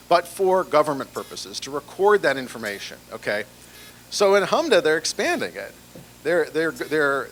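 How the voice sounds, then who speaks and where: A man's voice: medium pitch, a bit bright, slight background noise. A man giving a conference presentation on banking compliance in a chatty, conversational way, with fillers and restarts. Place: large breakfast event room.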